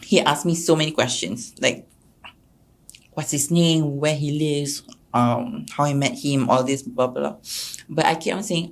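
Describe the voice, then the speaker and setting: A young woman with a Singaporean English accent, telling a personal story as a podcast guest and acting out quotes with sudden jumps in pitch and loudness. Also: expressive, takes it slowly.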